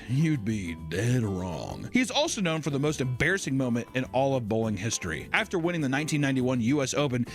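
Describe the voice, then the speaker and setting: A man narrating a played video, mixing scripted lines with wry asides and casual swearing. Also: medium pitch.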